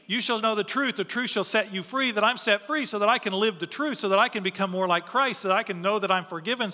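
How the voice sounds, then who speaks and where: A pastor preaches a sermon earnestly and emphatically, posing questions to his listeners and then answering them himself. His high voice has a bright, ringing edge, and long reverb suggests a church sanctuary.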